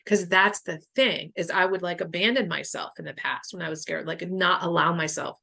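Woman, podcast guest, gravelly voice, frank and emotional storytelling, casual swearing. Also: lowish voice, normal speed, pushed and bright. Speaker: guest, boundaries coach. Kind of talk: candid conversational storytelling.

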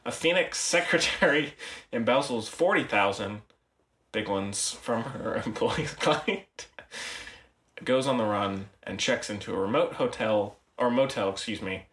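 A man's voice: mid-range voice, lively intonation, unhurried, a bit bright. A man co-hosting a film podcast in casual chat, rambling, correcting himself and laughing often. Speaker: podcast host. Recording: roomy, distant mic.

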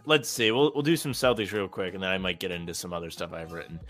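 Calm young man, bright voice. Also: low voice, quick pace. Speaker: podcast co-host. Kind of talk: sports podcast chat.

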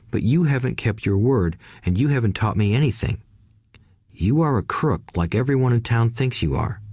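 A man's voice: fairly low pitch, warm tone, dry recording, studio quality. A man putting on an indignant little boy. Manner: pouting, accusing and whiny. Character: indignant young boy confronting his boss. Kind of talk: audiobook character voice.

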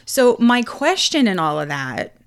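A Texan woman co-hosting a casual chat, telling travel stories in a lively way and acting out what people said. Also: on the high side, measured pace, clean tone. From Texas. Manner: animated storyteller, acts out quotes. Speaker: podcast co-host.

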